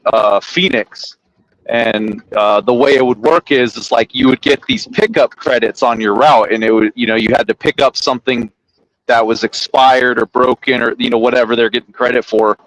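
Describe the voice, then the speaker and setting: With a mid-range voice and no room sound, a man chats casually on a podcast. He's an animated storyteller who curses freely and shouts out the quoted lines of the people in his work tale. The audio quality is poor.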